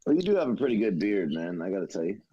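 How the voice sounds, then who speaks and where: A man's voice: low voice, sing-song, very fast. A man chatting casually on an online show, rambling and swearing freely and often checking that the others agree. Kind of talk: casual chat. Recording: dull lo-fi mic with faint noise.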